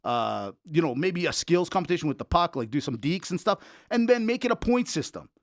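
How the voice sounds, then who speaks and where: A man's voice: a little high, a little fast, dry recording, clean studio sound. A man co-hosting a sports podcast, joking and ranting in casual banter. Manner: animated, joking, riffs and rants. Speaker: podcast co-host.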